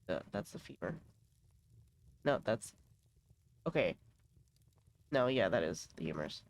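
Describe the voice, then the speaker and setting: A woman's voice: rumbling low, very animated, measured pace, gravelly, long pauses, a little mellow, slight background noise. A woman streamer making amused, offhand remarks while playing a game. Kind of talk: casual gameplay commentary.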